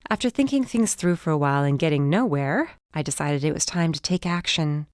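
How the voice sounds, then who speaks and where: Low-voiced woman narrating an audiobook. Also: fairly quick, dry recording, clean studio sound. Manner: lively, rising in pitch in heated dialogue. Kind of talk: first-person audiobook narration.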